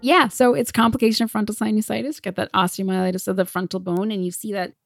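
A female physician co-hosting a medical education podcast, talking conversationally and quick to share anecdotes. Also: mid-range voice, fairly even intonation, creaky, music in the background.

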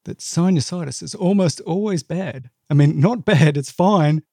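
A man's voice: a little high, normal speed, warm tone, no room sound, clean studio sound. A male physician co-hosting a medical education podcast, explaining clinical complications in a plain-spoken way with vivid asides.

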